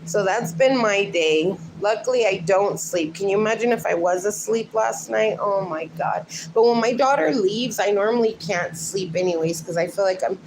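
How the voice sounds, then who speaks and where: A woman's voice: medium pitch, moderate pace, hardly any pauses. Chatty woman livestreaming at home, noisy. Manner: chatty, reads out and answers viewer comments; speaks fondly to her sleeping dogs. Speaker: livestream host. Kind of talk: casual livestream chat. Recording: noticeable background noise.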